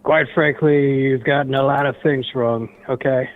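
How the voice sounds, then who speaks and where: A man's voice: mid-range voice, fairly even intonation, moderate pace, lightly acted. A male caller putting on a blustery, lecturing politician impression, leaning on "quite frankly" and "okay?". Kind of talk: comedic impression on a call-in. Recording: tinny phone line.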